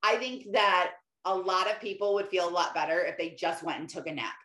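A middle-aged woman talking casually about faith, rambling and chatty with lots of "like" and quick laughs. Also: fairly low pitch, steady tone, bright, forceful tone. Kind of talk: casual faith-based monologue. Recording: roomy echoey room.

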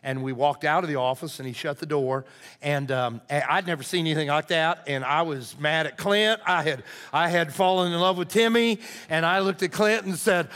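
Middle-aged pastor telling stories in a reverberant hall. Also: male voice, on the high side, moderate pace. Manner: conversational, animated storytelling that turns hushed and earnest. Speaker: lead pastor. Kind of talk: storytelling sermon.

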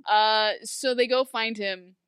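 A woman talks in a casual recap, sarcastic and animated, her speech full of "like" fillers. Her voice is fairly high and bright. The sound is close and dry. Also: takes it slowly, clear, resonant tone, no room sound. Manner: animated, sarcastic, lots of "like" fillers, acts out quotes. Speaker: podcast co-host recapping a TV episode. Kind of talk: casual chat.

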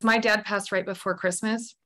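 A woman in mid-range pitch, talking candidly on a podcast. Her storytelling is personal and open, full of casual fillers and quick asides. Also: steady tone, pushed and bright. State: tearful at moments. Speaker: guest author.

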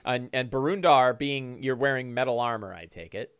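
A middle-aged man narrating a one-on-one tabletop game as dungeon master, with a relaxed, rambling manner full of fillers and restarts. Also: mid-range voice, normal speed, smooth, dry recording, muffled recording.

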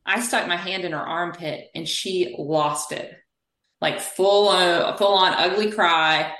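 Guest spot: low-pitched woman, animated storyteller, physical therapist, roomy echo on her. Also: slow. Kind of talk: conversational interview.

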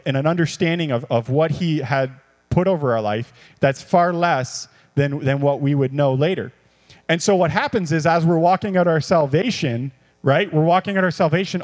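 A man preaching a sermon as a pastor, animated and repetitive, moving between quiet reflection and bursts of excitement. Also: fairly high pitch. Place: church hall. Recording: long reverb of a church hall.

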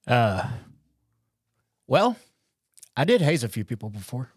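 A man's voice: medium pitch, slightly rough, no echo, studio quality. Laid-back man telling an old story. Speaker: guest, former Marine. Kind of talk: casual chat.

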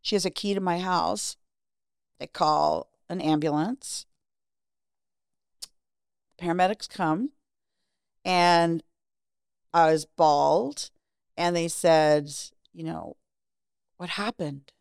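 A woman's voice: on the low side, fairly even intonation, takes it slowly, gravelly, pauses often, clear, resonant tone, no room sound, studio quality. A middle-aged woman, a podcast guest, candidly telling a personal story in a frank, profane way and acting out the lines of the people in it.

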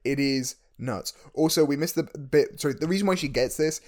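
A man with a slightly high voice cuts into a relaxed conversation to correct details and tease his co-host. He talks casually, in quick interjections. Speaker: podcast co-host. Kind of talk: casual chat.

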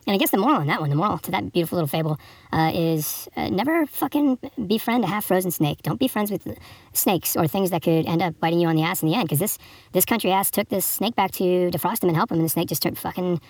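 A man rattles through an improvised comic story at a brisk clip, crude and profane, rambling from one tangent to the next. He hosts a podcast and reads a fable aloud between jokes. The sound is close and dry, with no room around it. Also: high-pitched, animated, no echo. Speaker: podcast host.

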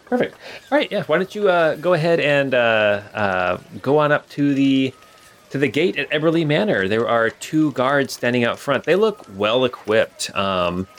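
A man's voice: medium pitch, expressive, normal speed. A man narrating as game master, rambling with many fillers and restarts.

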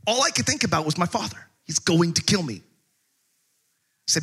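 A man's voice: sits high, moderate pace, pauses often, breathy edge. A man preaching, telling a comic story and acting out the voices in it. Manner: animated, comic, acts out voices. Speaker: pastor. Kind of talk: storytelling sermon.

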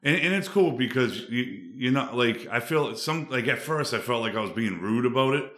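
A man's voice: medium pitch, expressive, normal speed, fairly bright tone. A man from the Boston suburbs, a podcast guest, chatting in a rambling, laid-back way with lots of fillers. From Boston suburbs, USA. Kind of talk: casual chat. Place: studio. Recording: roomy echo.

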